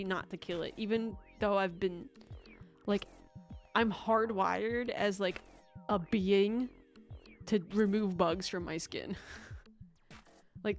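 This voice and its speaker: A young woman streaming from home, chatting casually with viewers in a rambling, giggly way, with bursts of squealing baby talk. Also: medium pitch.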